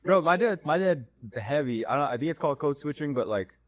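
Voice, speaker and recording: A young man co-hosting a podcast in casual chat. He tells animated stories, and his voice jumps high when he gets worked up. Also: fairly quick. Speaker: podcast co-host.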